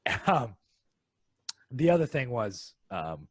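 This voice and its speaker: A man's voice: medium pitch, big pitch swings, slow pace, slightly rough, no echo. A man co-hosting a film podcast in casual chat, talking hesitantly with plenty of ums and likes. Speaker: podcast co-host.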